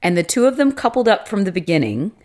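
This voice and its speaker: A woman's voice: mid-range voice, sing-song, fast, darkish tone. A young adult woman co-hosting a podcast, chatting casually and wryly about reality dating shows. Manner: chatty, wry, mimics others in quotes. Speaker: podcast co-host. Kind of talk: casual chat.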